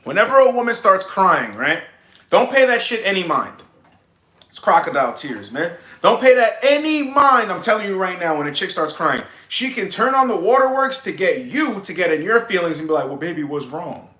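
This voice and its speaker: Blunt, emphatic male advice vlogger, bright tense tone, roomy echo. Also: sits high, big pitch swings, moderate pace. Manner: blunt, emphatic, calls listeners bro. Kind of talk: casual advice monologue.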